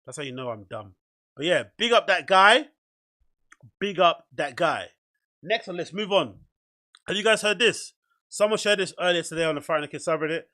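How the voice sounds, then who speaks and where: A man hosts a podcast, talking over clips in loose, self-mocking rambles. His voice sits a bit high and rings bright and forceful. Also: lively intonation, moderate pace, long pauses. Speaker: podcast host. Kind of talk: casual commentary over clips.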